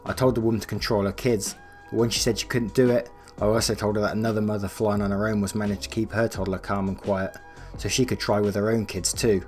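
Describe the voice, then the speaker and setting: A man's voice: on the low side, level tone, quick pace, faint music behind, lightly acted. A man voicing a blunt, firm fellow passenger in a read-aloud story. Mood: apologetic.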